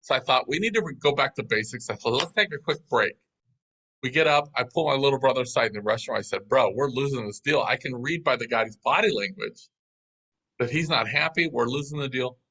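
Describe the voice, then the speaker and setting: Animated storytelling man, bright voice. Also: mid-range voice, a little fast, low-quality recording. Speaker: guest. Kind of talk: storytelling in an interview.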